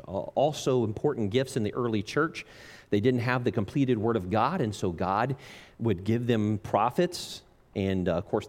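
A man preaching a sermon in an earnest, measured way, slowing down and dropping low on key phrases. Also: darkish tone.

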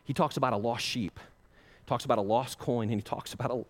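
A man preaching a sermon as pastor, passionate, swinging between loud pleading and hushed intensity. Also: medium pitch, fast, big-room sound.

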